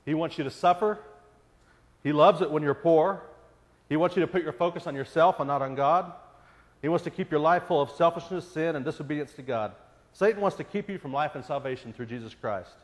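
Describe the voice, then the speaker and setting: A man's voice: on the high side, fairly quick. A man preaching a sermon in an earnest voice that presses into pleading questions. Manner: earnest, rising to pleading intensity on repeated questions. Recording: long hall reverb.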